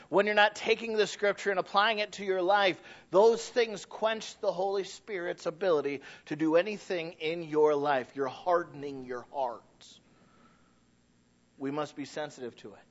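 A man preaching a sermon as pastor, animated and folksy, swelling loud and then dropping low. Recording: dull lo-fi recording.

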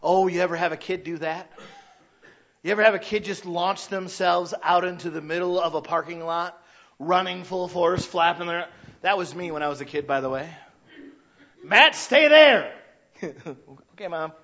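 A man in his thirties preaching a sermon, telling stories and acting out shouting parents. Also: high-pitched, fairly even intonation, normal speed, highs cut off. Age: 30s. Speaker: pastor.

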